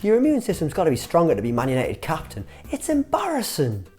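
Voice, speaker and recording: A man's voice: on the high side, huge pitch swings, quick pace, a little mellow. A man doing a grumpy, scolding football pundit. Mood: irritable. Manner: scolding, exasperated rants. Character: grumpy middle-aged male football pundit, irritable.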